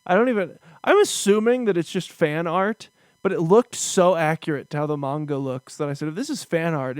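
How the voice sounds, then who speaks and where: A man in his thirties hosting a casual podcast chat, with a voice that sits a little high. He tells stories with big, animated mock outrage, and the sound is close and dry with no room echo. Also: smooth. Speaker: podcast host.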